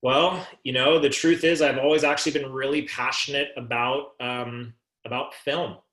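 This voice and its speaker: A man's voice: medium pitch, steady tone, moderate pace, fairly bright tone, natural voice. A man voicing a friendly young male restaurant server who talks in an upbeat, casual way, saying "man" and "like". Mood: easygoing. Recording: echoey room.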